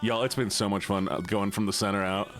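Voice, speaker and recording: A young man from the United States, a streamer reading chat aloud casually, animated and laughing often. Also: on the low side, a little fast, soft background music.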